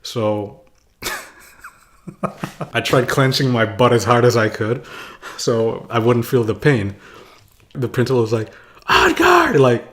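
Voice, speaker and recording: Young guy vlogging, rambling story, lots of like and little laughs, average pitch. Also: slow pace, long pauses. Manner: rambling, full of "like" and chuckles. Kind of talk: casual storytelling.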